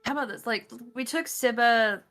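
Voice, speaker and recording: A woman's voice: on the high side, normal speed, a bit bright, soft background music. A woman playing in a tabletop game, chatting casually and describing her character's actions. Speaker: player.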